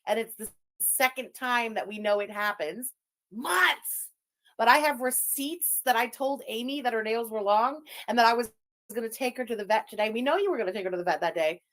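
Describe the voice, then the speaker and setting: A woman's voice: a little high, fairly bright tone. A woman whose first language is French, hosting a livestream and ranting in a profane, mocking, combative way while reacting to clips. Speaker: streamer commentator.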